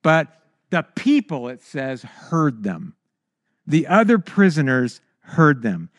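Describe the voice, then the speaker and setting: Male preacher, high voice, animated delivery with stammers and sudden cries, dry close sound. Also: takes it slowly, no echo, dull audio. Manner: stammers and restarts when excited. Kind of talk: sermon.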